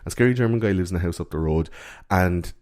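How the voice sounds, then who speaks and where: A man's voice: deep voice, quick pace, darkish tone. A man, hosting a podcast, casually retelling film scenes with plenty of swearing. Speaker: podcast host.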